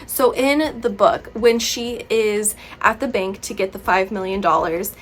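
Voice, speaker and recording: A woman's voice: mid-range voice, measured pace, a little hiss or hum. A young woman vlogging casually to camera, chatty and playfully opinionated, full of "like" and "you know". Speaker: YouTuber reviewing books and films.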